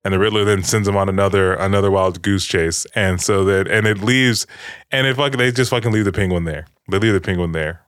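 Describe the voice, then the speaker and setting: A man's voice: low-pitched, brisk, a bit bright, no room sound, studio quality. A man casually recapping a movie with friends, rambling, swearing and acting out lines.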